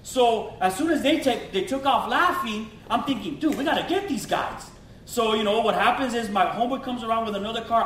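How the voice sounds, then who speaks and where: High-voiced pastor, echoey hall. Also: male voice, a little hiss or hum. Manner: animated storytelling with slang and acted-out quotes. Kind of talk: testimony sermon. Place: church. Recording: echoey church hall from far off.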